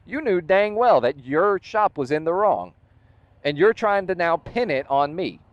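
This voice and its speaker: A man's voice: high-pitched, big pitch swings, measured pace, no echo, lo-fi sound. A man vlogging about his motorcycle, retelling events with exasperation and quoted dialogue. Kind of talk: casual storytelling vlog.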